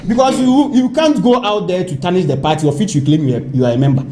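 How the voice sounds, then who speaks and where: A man's voice: sits high, fast talker, a little hiss or hum. A man with a Ghanaian accent arguing politics as a panelist, reading out statements and pushing back when he is cut off. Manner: animated, reads out documents, protests interruptions. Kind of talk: heated political debate.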